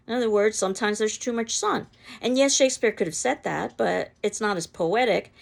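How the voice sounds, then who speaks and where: Low gravelly woman teaching poetry. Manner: reads verse slowly, then explains in plain speech; addresses the listener directly with repeated "notice". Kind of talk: literature lecture with poetry reading.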